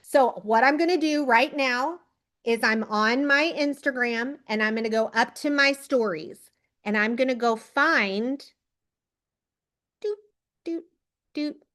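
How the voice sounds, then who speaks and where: Lady coaching her team on a zoom call, high voice, super pumped pep talk, calls folks out by name. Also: takes it slowly, long pauses. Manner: energetic, pep-talk style, addresses listeners by name. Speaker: team leader coaching recruits. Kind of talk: motivational training on a video call. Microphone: video call.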